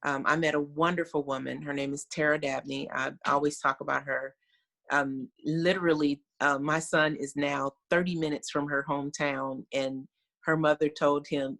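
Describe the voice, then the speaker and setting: Middle-aged American woman guest on a video call, gravelly and bright, earnest and reflective, lots of fillers. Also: low-pitched, level tone, normal speed. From United States.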